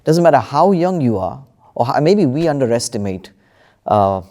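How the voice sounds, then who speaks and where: A man telling a story in a relaxed spiritual panel discussion, with plenty of fillers and restarts. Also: mid-range voice, normal speed. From United Kingdom. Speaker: panel speaker.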